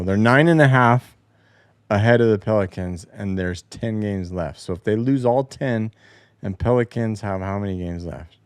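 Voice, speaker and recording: A man's voice: on the low side, a little mellow, smooth, no echo. A man hosting a casual sports talk show from a home basement, rambling and opinionated, with some swearing. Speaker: host. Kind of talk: casual solo sports commentary.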